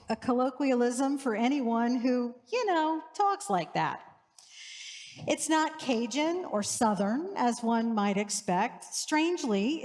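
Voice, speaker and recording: A middle-aged woman priest from New Orleans tells a gentle, wry story from the pulpit, in an unhurried, measured delivery and a slightly high voice. A long church reverb trails her words. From New Orleans, USA. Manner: warm, wry humor. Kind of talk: storytelling sermon. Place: church sanctuary.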